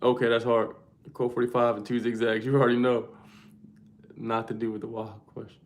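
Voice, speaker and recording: A young man hosts a casual livestream, talking to his viewers in loose, slangy language. His voice sits at an ordinary middle pitch. He speaks as if the chat were in the room with him. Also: little pitch movement, fairly quick, reverberant, a little hiss or hum. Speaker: livestream host.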